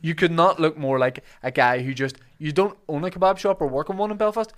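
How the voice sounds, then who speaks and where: A man's voice: a little high, a little fast, a bit bright. A man with a Northern Irish accent hosting a podcast, reading ads in a casual, joking way and correcting himself as he goes. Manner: chatty, joking, self-correcting. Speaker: podcast host. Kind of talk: casual podcast chat with ad reads.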